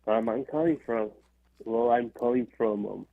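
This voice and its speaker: A man from California calling into a show, speaking in a hesitant, halting way and repeating himself. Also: medium pitch, gravelly, no echo. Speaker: caller. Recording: phone line.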